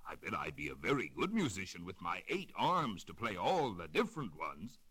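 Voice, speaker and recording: Mournful storybook octopus, slow and sighing, gentle and kind, voiced by a man. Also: low-pitched, huge pitch swings, breathy edge, voice pushed down, full character voice. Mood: lonesome. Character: lonesome gentle male octopus, melancholy and kind.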